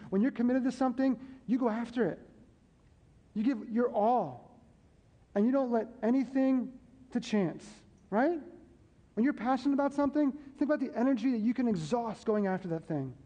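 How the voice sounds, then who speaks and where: In a church sanctuary full of long hall reverb, a man with a very high-pitched, warm voice delivers a conversational sermon. He repeats key phrases as he preaches and checks in with his congregation.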